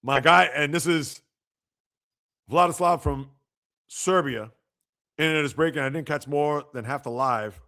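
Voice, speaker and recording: A man hosting a live sports podcast, reacting to news and reading out viewer comments in an animated, chatty way. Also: a little high, a little slow, pauses often. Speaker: podcast host.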